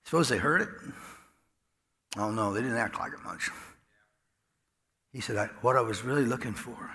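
A man preaching a sermon in a folksy storytelling way, dropping to a hush and then rising loud. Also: medium pitch, measured pace, gravelly, pauses often. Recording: echoey hall with long reverb.

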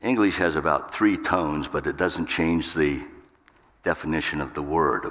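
A man's voice: expressive, moderate pace, a bit bright. A man preaching a sermon to a church congregation, talking emphatically and with humor. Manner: emphatic, jumps up in pitch for acted outbursts. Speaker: pastor. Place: church sanctuary. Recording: long hall reverb.

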